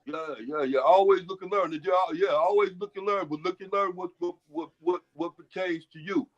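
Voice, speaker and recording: A man's voice: high-pitched, a little fast. A man in casual chat who rambles, repeats himself and hands out folksy advice. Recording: lo-fi muffled audio.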